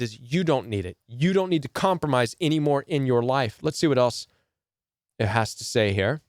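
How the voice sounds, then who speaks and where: A man's voice: on the high side, no echo, clean studio sound. A man speaking as a relationship coach in emphatic commentary to camera, often asking rhetorical questions. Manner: emphatic, repetitive, asks rhetorical "right?".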